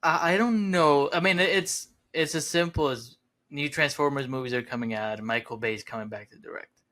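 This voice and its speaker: A man co-hosting a podcast, relaxed and rambling, with many filler words. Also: a little high, a little fast. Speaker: podcast co-host. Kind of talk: casual podcast chat.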